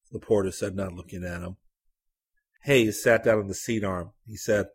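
Husky, low-voiced male story reader. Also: steady tone, moderate pace. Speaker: narrator. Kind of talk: literary short story reading.

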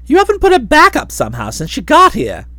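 A woman reading an audiobook, voicing a cheerful, breezy young gentleman who chats in an airy manner. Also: sits high, huge pitch swings, fast, dry recording, heavily acted. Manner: breezy, chatty.

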